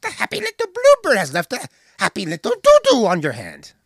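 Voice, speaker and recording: A podcast host voicing a fussy old woman servant in a very high, shrill voice. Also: wildly swooping pitch, brisk, creaky, fairly bright tone, no room sound, studio quality, full character voice.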